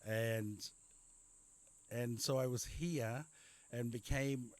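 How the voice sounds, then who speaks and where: A man's voice: mid-range voice, fairly even intonation, takes it slowly, a little mellow, dry recording. A middle-aged man with an Australian accent, a doctor being interviewed and telling his life story in a rambling way, repeating words and using many fillers. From Papua New Guinea. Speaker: general practitioner guest. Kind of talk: conversational interview.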